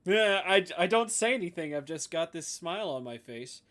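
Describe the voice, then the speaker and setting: A man playing a tabletop game, easygoing and quick to laugh. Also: sits high, expressive, fairly bright tone. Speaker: player.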